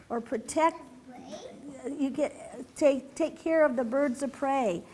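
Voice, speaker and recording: Lively woman reading to children. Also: sits high, a little slow, breathy edge. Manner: animated and playful, asking children questions. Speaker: children's storyteller. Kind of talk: reading a picture book aloud to children.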